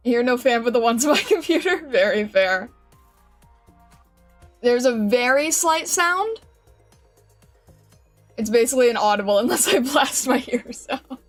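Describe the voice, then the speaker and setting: Woman streamer, bright and higher-pitched, bubbly casual chat, faint music underneath. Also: expressive, unhurried, pauses often. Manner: bubbly, greets chat by name, giggly. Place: home streaming room with a fan. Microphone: desk mic with noise filter.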